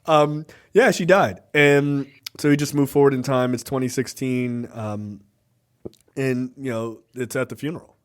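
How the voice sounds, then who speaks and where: A man's voice: mid-range voice, a little slow. A man in his thirties co-hosting a podcast, casually retelling a movie with lots of swearing and laid-back storytelling. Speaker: podcast co-host. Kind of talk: casual movie review chat.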